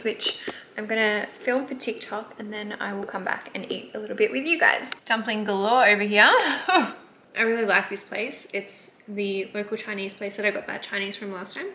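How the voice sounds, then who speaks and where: A woman's voice: medium pitch, sharp tone, slight background noise. A young Australian woman talking frankly and casually to camera in a vlog, swearing freely. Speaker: vlogger.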